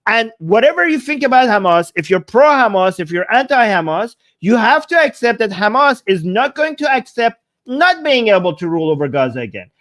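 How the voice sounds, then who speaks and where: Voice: mid-range voice, sing-song, fairly quick, hardly any pauses, fairly bright tone. A political commentator reacting to a debate clip, arguing emphatically with rhetorical questions and a mocking edge.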